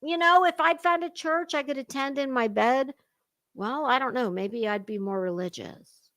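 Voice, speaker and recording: A woman's voice: sits high, normal speed, fairly bright tone, no room sound, clean studio sound. A middle-aged woman hosting sarcastic reaction commentary, mocking and profane, slipping into put-on voices. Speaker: commentary host.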